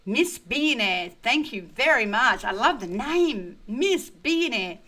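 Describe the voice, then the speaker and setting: A woman's voice: on the high side, expressive, a little slow, sharp tone, low-quality recording. Chatty older woman, crypto host. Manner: chatty and blunt, full of "you know" and "right?". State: tired and thirsty, drinking beer. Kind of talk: casual livestream chat reading viewer questions.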